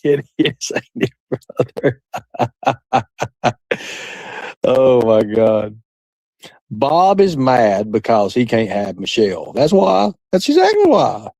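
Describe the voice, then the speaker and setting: His voice is lowish and dark, captured in a low-quality recording with no room sound, as this livestream host chats casually with his live audience. He's crude and boastful, rambles, and laughs often.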